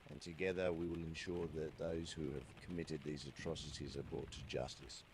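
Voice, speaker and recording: A man's voice: rumbling low, level tone, brisk, slight background noise. A man playing a stern male prime minister giving a solemn, formal wartime address. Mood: grave. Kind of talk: mock political speech.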